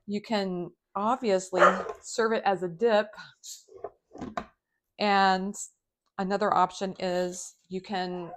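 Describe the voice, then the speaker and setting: Woman, mid-pitched home-kitchen cooking host, upbeat and chatty, speaks directly to viewers. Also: little pitch movement, slow, pauses often, heavy background noise. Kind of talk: live cooking demonstration.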